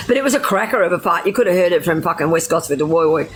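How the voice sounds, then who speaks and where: A middle-aged woman with an Australian accent talks straight to her live-stream viewers. She is blunt and swears freely, laughing as she tells her stories. Her voice sits at an ordinary pitch for a woman. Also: fast talker, a little hiss or hum, rough recording. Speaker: livestreamer. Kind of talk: casual storytelling to live viewers.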